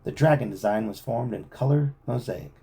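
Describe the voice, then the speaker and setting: A man reading a novel aloud to a child at home, with expressive storytelling. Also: medium pitch, moderate pace, gravelly, husky.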